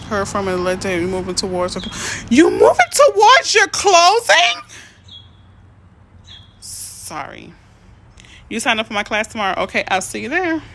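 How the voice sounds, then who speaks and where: A woman realtor chatting casually on a live stream, reading out viewer comments and answering them in a chatty, excitable way. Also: medium pitch, a little hiss or hum. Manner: chatty, excitable, easily emotional. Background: birds chirping faintly.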